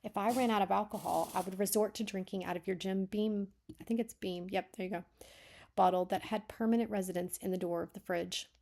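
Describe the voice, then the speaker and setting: A woman reading a manuscript aloud and critiquing it, thinking aloud with frequent self-corrections and sometimes dropping to a soft whisper. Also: medium pitch, steady tone, brisk, gravelly. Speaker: beta reader.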